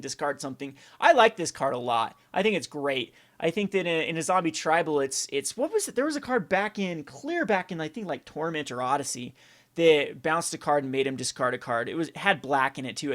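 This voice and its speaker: A man with a slightly raised pitch chats through a card review in a loose, rambling way. He circles back and restarts his thoughts often, with eager enthusiasm. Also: a bit bright. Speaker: card game channel host. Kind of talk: casual card review commentary.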